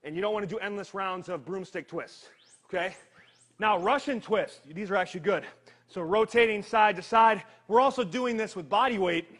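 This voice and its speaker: A man leading a live workout, energetic and joking, counting down reps while he strains through the exercises himself. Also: sits high, moderate pace. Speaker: fitness trainer.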